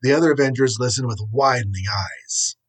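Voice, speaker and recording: Male narrator, storybook reading, steady, husky, middling pitch. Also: brisk, rough recording.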